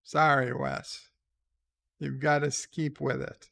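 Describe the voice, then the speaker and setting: A man hosting a live stream, chatting casually and reading out viewer comments with frequent hesitant pauses. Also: mid-range voice, little pitch movement, creaky, a bit bright. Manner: unhurried, with frequent hesitant fillers.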